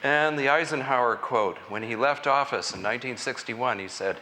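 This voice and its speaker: A man giving a conference lecture in a college hall, speaking in an earnest, deliberate way with measured emphasis. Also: mid-range voice, noisy background. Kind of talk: public lecture.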